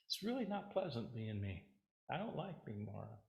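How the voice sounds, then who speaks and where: A man's voice: mid-range voice, very animated, moderate pace, gravelly, reverberant. A man voicing a weary male demon king who is tired of scaring people, complaining in an exasperated way.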